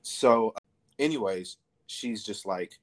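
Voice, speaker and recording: A man's voice: lowish voice, takes it slowly. A man in his thirties, a podcast guest, telling a story casually with lots of swearing and fillers. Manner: profane, rambling, filler-heavy.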